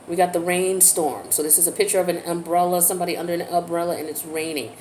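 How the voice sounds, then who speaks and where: A woman's voice: fairly low pitch, fairly even intonation, a little fast, mellow, slight background noise. A woman giving a casual tarot reading in a chatty, slang-filled way. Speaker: tarot reader.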